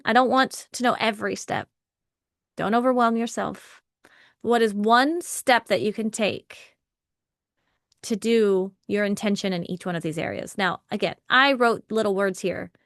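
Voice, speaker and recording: A woman's voice: fairly high pitch, no echo, clean studio sound. Encouraging woman leading a live workshop. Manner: encouraging, conversational, laughs often. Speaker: workshop facilitator. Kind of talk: live online workshop, reading and answering chat.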